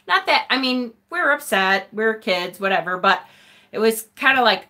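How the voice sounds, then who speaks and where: A woman's voice: on the high side, sing-song, normal speed, bright, forceful tone. A woman hosting a casual tarot live stream, answering viewer comments in a blunt, profane way, often laughing and sighing. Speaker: tarot channel host.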